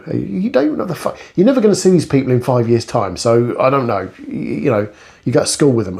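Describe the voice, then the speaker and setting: A man's voice: mid-range voice, sing-song, a little fast, creaky, a little mellow. A middle-aged man in a casual ranting monologue, blunt, profane and sarcastic. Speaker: vlogger.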